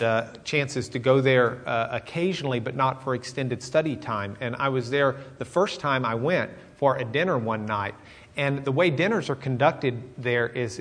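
A middle-aged man preaching a sermon with animated, dramatic storytelling. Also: medium pitch. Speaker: pastor.

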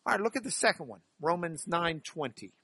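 A man teaching a class on biblical Greek grammar, animated and stressing key words by repeating them. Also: fairly high pitch, a little fast, breathy edge, dry recording. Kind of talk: classroom lecture.

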